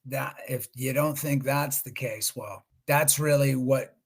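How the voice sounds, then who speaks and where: A man's voice: mid-range voice, steady tone, takes it slowly, gravelly. A middle-aged man speaking as a guest on a video-call webinar, telling stories in a conversational way with restarts and quoted voices. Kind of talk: webinar storytelling.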